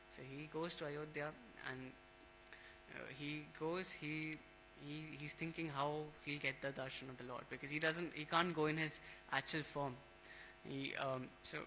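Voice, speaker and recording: A man leading a temple scripture class, telling a devotional story in a casual, halting way, with many fillers and restarts. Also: a little high, pushed and bright, slight background noise, poor audio.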